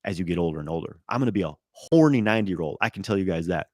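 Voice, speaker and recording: A man answering viewer questions on a live stream, loose and animated, swearing, with many fillers and restarts. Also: low voice, very fast, no room sound, studio quality. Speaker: qigong teacher answering live chat questions.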